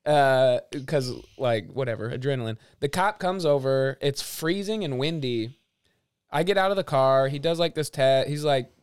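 A man's voice: mid-range voice, animated, moderate pace, clear, resonant tone, no echo, clean studio sound. A young man on a comedy podcast, telling a long profane story with lots of fillers and "like.". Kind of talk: casual storytelling chat.

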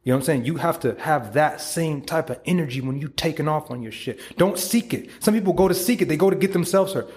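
A man's voice: a little high, lively intonation, quick pace, few pauses, darkish tone. A man hosting a podcast, giving a casual, profane motivational monologue and acting out quoted voices. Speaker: podcast host.

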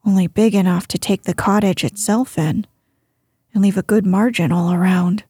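A gruff, offended boy with a soft breathy tone, as a woman reads him in a storybook tale, mellow and unhurried, close and dry. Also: medium pitch, fairly even intonation, no echo. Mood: hurt. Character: young miner boy, gruff and sulky.

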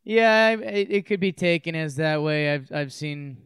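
A man's voice: fairly high pitch, moderate pace, fairly bright tone, smooth, no echo. A man co-hosting a casual talk show, rambling and hesitant, now and then breaking into goofy singing. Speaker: podcast co-host. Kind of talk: casual chat.

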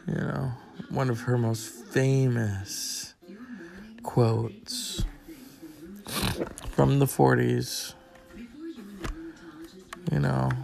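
A man's voice: mid-range voice, very slow, creaky, long pauses, a little mellow. A tired man hosting his own show, chatting in a rambling, casual way with crude asides and plenty of swearing.

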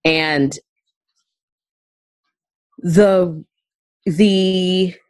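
A woman comedian with a low, deep voice speaks emphatically and bluntly in a casual chat. She sounds close to the mic, and the recording is dry with no room sound. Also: fairly even intonation, very slow, no echo, rough recording. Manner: emphatic, profane, preachy. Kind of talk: casual podcast conversation.

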